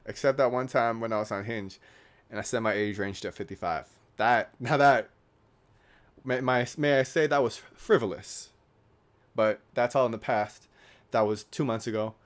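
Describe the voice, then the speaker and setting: A man's voice: medium pitch, normal speed. A young man in his late teens vlogging casually, rambling and joking at his own expense. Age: young adult. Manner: rambling, self-deprecating, joking. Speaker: YouTuber.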